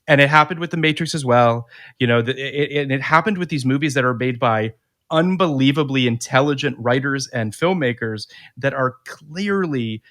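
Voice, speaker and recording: A man hosting a casual podcast, voice sitting in an ordinary middle pitch. He speaks with strong opinions, restarting and repeating words before he gets going. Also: normal speed, fairly bright tone. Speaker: podcast host.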